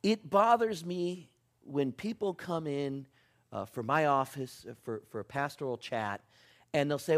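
A middle-aged man preaching a sermon as a pastor, swinging from loud emphatic lines to hushed, almost whispered ones. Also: on the high side, unhurried.

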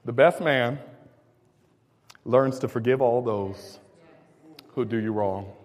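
A man preaching a sermon with call and response, dropping low and quiet, then building up to shouting. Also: slow. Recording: long hall reverb.

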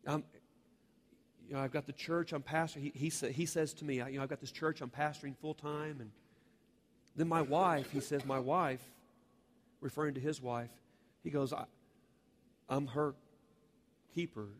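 A man's voice: a little high, fairly even intonation, moderate pace, long pauses. A man preaching a sermon as a pastor, earnest and rising to fervent appeals to the congregation. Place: church sanctuary.

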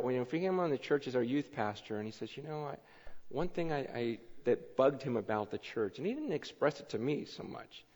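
Animated pastor preaching in a reverberant hall. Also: male voice, medium pitch. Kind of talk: sermon. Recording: muffled hall recording with long reverb.

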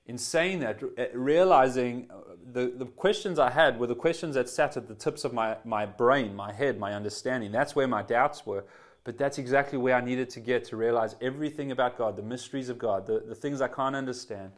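Male pastor mid-sermon, earnest and talky, stumbles and restarts, medium pitch. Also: brisk. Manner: earnest, conversational preaching with restarts; voice swells then drops to quiet emphasis.

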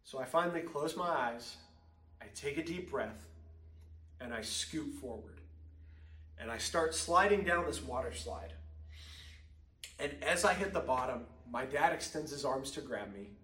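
A young man gives a sermon, telling a childhood story in a loose, chatty way full of ums. His voice sits a bit high, and the room is echoey, with the mic well away from him. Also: fairly bright tone, far from the mic. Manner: casual storytelling with frequent ums. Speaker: preacher.

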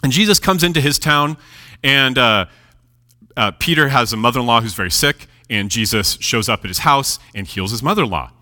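A male preacher retells a story in a chatty, casual way. His voice swings widely in pitch and has a bright, forceful tone, and he chuckles at his own jokes. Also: animated, brisk.

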